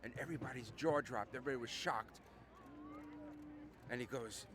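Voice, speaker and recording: A man's voice: mid-range voice, a little fast, pauses often, a bit bright, slight background noise. A man telling a long joke to a camera with theatrical storyteller pacing, outdoors on a city street.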